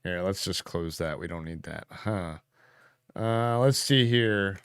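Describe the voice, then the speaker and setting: Low-voiced and taking his time, this co-host sounds smooth in a clean studio recording without room sound. He muses casually on the livestream, answering viewer comments with fillers and the occasional laugh.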